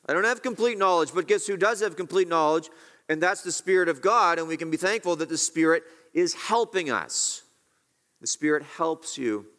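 Male pastor, sermon delivery, earnest, pitched a bit high. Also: fairly bright tone. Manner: earnest, rising on questions, slowing to stress key words.

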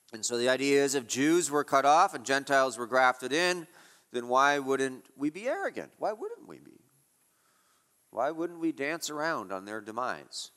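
A man's voice: medium pitch, sharp tone, in a large hall. A man preaching an expository sermon, emphatic and rhetorical, asking questions and repeating key phrases.

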